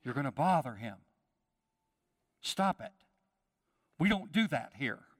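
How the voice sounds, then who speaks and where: A pastor preaches a sermon to his congregation in a slow, sing-song, mid-range voice, calling out to them and performing the voices in the story. A long hall reverb surrounds him.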